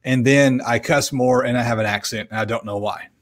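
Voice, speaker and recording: A man's voice: medium pitch, steady tone, brisk. Chatty man hosting a live podcast. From American South. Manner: chatty, self-deprecating, reads out viewer comments. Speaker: podcast host. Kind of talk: casual live-stream chat.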